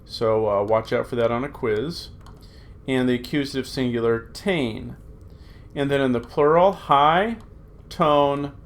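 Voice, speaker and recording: Middle-aged male teacher, mid-range voice, patient and repetitive, lots of filler sounds. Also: mid-range voice. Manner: patient, repeats forms aloud with many fillers. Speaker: Greek teacher. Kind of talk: recorded classroom lesson.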